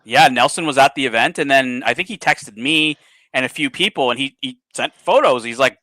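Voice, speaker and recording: A man hosts a casual livestream chat and rambles along with plenty of fillers. His voice is bright and forceful and moves a lot in pitch. The sound is dry and close. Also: lively intonation, a little fast, no room sound. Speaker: livestream host.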